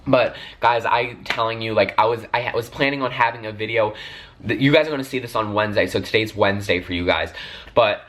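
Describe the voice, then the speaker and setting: A man's voice: fairly low pitch, brisk, fairly bright tone, a little hiss or hum. A young man telling a heated storytime vlog, talking animatedly, swearing constantly and filling his sentences with "like" and "literally". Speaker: vlogger.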